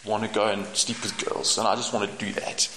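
A man voicing a weary young man who is fed up and ready to quit, in a low, grumbling voice. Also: level tone, brisk, pushed and bright, roomy sound, slight background noise, poor audio. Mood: fed-up grumble.

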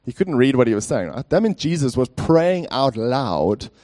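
A man's voice: mid-range voice, very animated, moderate pace, a little mellow. A man preaching a sermon as pastor in a church, conversational and speaking directly to the congregation with frequent fillers.

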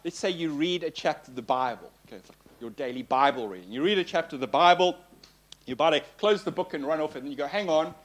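A man delivers a sermon in an animated, playful way, circling back over phrases to press them home. His voice sits a little high for a man. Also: fast talker. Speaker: pastor. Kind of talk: sermon teaching.

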